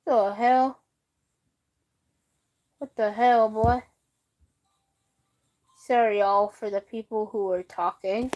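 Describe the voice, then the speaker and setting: Slow-talking young woman streamer. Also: on the high side, fairly even intonation, a little mellow, dry recording, dull audio. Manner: reacts to the game, talks to chat. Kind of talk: casual gaming livestream chat.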